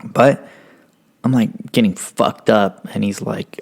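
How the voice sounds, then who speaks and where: A man's voice: fairly low pitch, a little slow, creaky. A man from Stockton, California, a podcast guest, tells a story in a casual, profane, rambling way with many fillers. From Stockton, California, United States.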